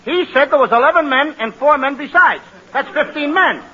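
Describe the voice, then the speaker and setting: A comedian man in 1940s radio comedy, wisecracking and quick to protest. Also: very high voice, expressive, pushed and bright. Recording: dull hissy 1940s radio broadcast.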